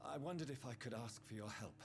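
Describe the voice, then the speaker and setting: An actor playing a grave, formal male vampire protagonist in a video game, polite and measured. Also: medium pitch, vocal fry, slight background noise, natural voice.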